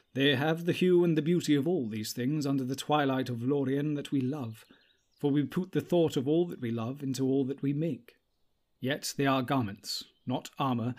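Man voicing an elf leader, calm, courteous, unhurried, middling pitch, audiobook. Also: natural voice.

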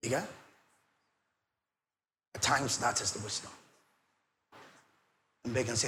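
A middle-aged Nigerian man preaching a sermon, swinging between loud declarations and soft pleading asides. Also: medium pitch, slow pace, long pauses, slight background noise. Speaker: pastor.

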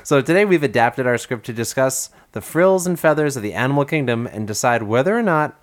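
A man opens a casual science podcast with wry, playful announcer delivery. His pitch rises and falls in lively swings. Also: brisk. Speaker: podcast host. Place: New York.

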